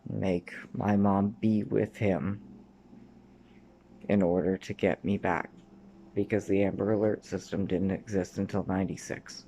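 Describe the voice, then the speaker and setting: Slow, gravelly-voiced man rambling. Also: low voice, flat delivery, dark tone, a little hiss or hum. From Canada. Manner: rambling, swears often, drifts between memories; sometimes drops to a mutter or whisper. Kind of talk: rambling personal monologue.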